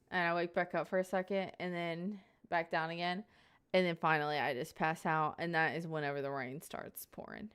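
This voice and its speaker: A woman's voice: fairly low pitch, smooth. A young woman live streamer chatting casually and playfully with her viewers, giggly and rambling, sitting at home at a desk mic.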